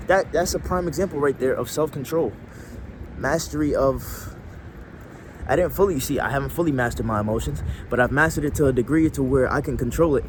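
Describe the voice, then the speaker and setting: A man's voice: mid-range voice, background noise. A man telling a casual story to camera, slangy and rambling, often restarting his sentences. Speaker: vlogger.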